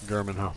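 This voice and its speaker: A man's voice: fairly low pitch, noisy background. A man streaming a video game, chatting casually and profanely with his viewers in a joking way. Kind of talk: casual live-stream chat.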